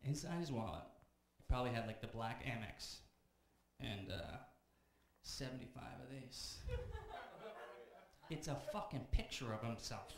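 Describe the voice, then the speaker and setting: A man's voice: mid-range voice, animated, creaky. Young man doing stand-up in a club. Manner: rapid-fire, builds to shouting rants. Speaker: stand-up comedian. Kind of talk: stand-up comedy set. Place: comedy club stage with a live audience. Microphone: handheld stage mic. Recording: echoey club room, audience noise. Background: audience laughter.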